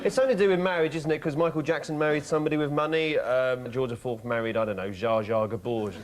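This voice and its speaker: A man's voice: mid-range voice, steady tone, fast. A man trading laconic, absurd quips as a team captain on a TV panel show. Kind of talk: improvised comic banter. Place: TV studio with live audience. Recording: old TV broadcast with loud hiss.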